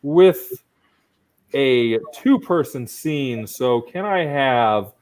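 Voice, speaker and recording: A man emcees an improv contest from home, talking into a laptop mic on a video call. His speech meanders and pokes fun at himself. He hands out judgments with playful mock sternness, and his pitch sits in an ordinary middle range. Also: lively intonation, extremely slow, a little mellow, poor audio. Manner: rambling and self-mocking, with playful mock-strict judging. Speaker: improv show host and judge. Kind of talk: casual comedic emceeing.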